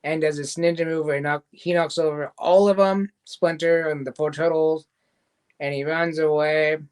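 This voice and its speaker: A man's voice: a little high, fairly even intonation, normal speed, smooth. A man hosting a casual show, recapping a cartoon episode in a loose, rambling way. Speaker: show host reviewing a cartoon series. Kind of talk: casual review chat.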